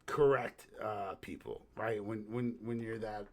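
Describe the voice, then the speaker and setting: A man co-hosting a podcast in casual chat, ranting in an animated, profane way and sometimes breaking into shouts. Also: lowish voice, measured pace, crowd noise. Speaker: podcast co-host.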